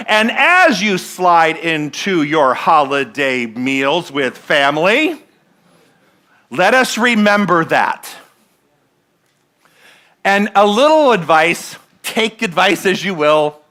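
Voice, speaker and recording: Male minister, bright voice, chatty sermon that quizzes the pews. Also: fairly high pitch, big pitch swings, takes it slowly. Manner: conversational, asks the congregation questions. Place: church sanctuary.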